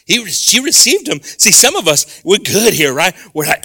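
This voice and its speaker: A middle-aged man preaching a sermon in church, animated and switching between English and Spanish, acting out dialogue as he goes. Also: sits high, normal speed, gravelly, hardly any pauses, husky. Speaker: pastor. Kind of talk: bilingual sermon. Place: church sanctuary.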